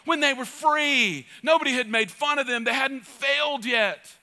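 A middle-aged man preaching a sermon as pastor, urging his congregation passionately and repeating phrases for emphasis, swinging between loud calls and soft asides. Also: very high voice, normal speed.

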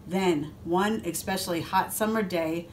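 A woman police officer reading a picture book aloud to a first grade class, expressive and adding asides to the children. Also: fairly low pitch, unhurried, a little hiss or hum.

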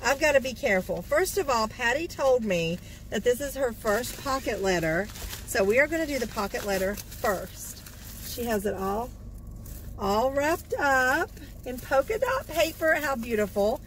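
A woman's voice: a little high, animated, normal speed, a little hiss or hum, poor audio. A woman vlogger chatting casually from her parked car as she opens fan mail, gushing and repeating her thanks. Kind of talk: casual chat.

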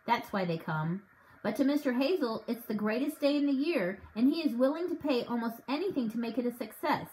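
A woman reading the part of a father who dreams up a daring scheme and grows excited as he explains it. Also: fairly high pitch, slight background noise, close to an everyday voice, rough recording. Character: warm scheming father with a broken leg.

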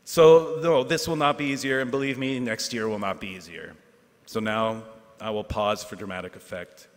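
A man, a teacher giving a graduation speech, earnest and self-deprecating, with asides and pauses for effect. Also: on the low side, fairly even intonation. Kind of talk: ceremonial speech. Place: large hall at a ceremony. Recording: hall reverb.

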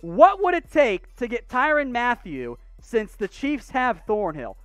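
A sports show host answering viewer questions in casual mailbag commentary, blunt, opinionated and sarcastic, ranting in rapid bursts. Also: mid-range voice, no room sound, faint music behind. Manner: animated, rapid-fire ranting with restarts.

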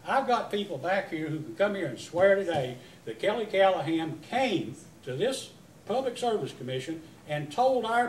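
A utility commissioner questions a witness at a public hearing, emphatic and rambling with many restarts. His voice is on the high side and a little mellow, picked up by a distant mic in an echoey hearing room with slight background noise.

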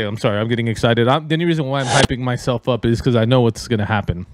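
A man's voice: medium pitch, fast talker, hardly any pauses, no room sound. A young man rambling and joking crudely while commentating on a horror game. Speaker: gaming channel host. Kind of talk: casual gameplay commentary.

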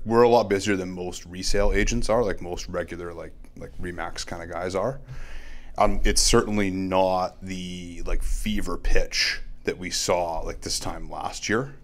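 A low-pitched man speaks in a relaxed, conversational way as a podcast guest, explaining his business as a realtor. He pads his points with "like" and checks in with "right?" as he goes. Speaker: realtor and marketing company CEO, podcast guest. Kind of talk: casual interview talk.

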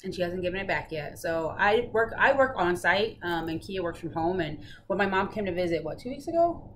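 A woman's voice: fairly low pitch, fairly quick, a bit bright, a little hiss or hum. A young adult woman hosting a casual flosstube update from her living room, chatty and laughing often as she tells a story. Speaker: flosstube host. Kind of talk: casual chat.

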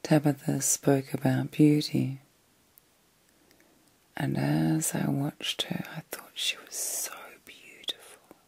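A middle-aged woman hosting a whispered ASMR vlog from bed at night, talking in a slow, soothing and reflective way. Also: sits low, little pitch movement, creaky, dark tone, slightly rough, dry recording. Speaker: ASMR host.

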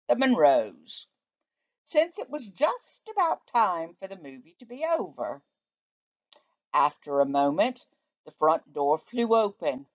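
Slow, lively storytelling teacher. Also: female voice, low voice. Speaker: teacher reading aloud. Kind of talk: storybook read-aloud. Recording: dull lo-fi recording.

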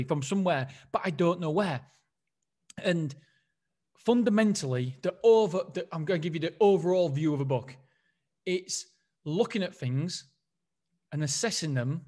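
A man with a somewhat high voice talks through a solo podcast episode. He is full of energy, tells stories in a rambling way, and keeps restarting his sentences as he goes. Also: husky. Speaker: podcast host.

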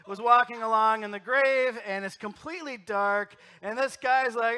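In a church sanctuary, a middle-aged pastor delivers a storytelling sermon, his voice high for a man and ringing bright and forward. He swings between punchy, loud emphasis and soft, intimate asides. His intonation stays fairly even, his speed is normal, he hardly pauses, and his tone is clean.

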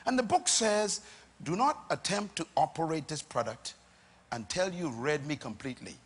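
A middle-aged man preaching a sermon to a congregation, emphatic, with repeated lines and dramatic pauses. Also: on the high side, lively intonation, slightly rough. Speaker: pastor.

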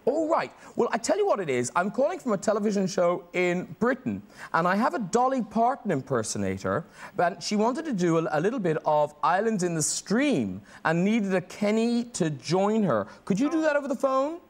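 A man's voice: high-pitched, big pitch swings, normal speed. A man with an Irish accent hosting a TV talk show, cheeky and teasing, laughing through his chat. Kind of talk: comic studio chat. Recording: TV studio with live audience.

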